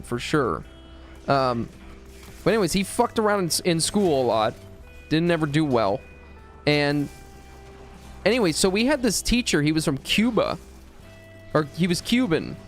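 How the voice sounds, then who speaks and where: A man from the United States streaming live and rambling through a profane, joking story. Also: fairly high pitch. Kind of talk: casual storytelling.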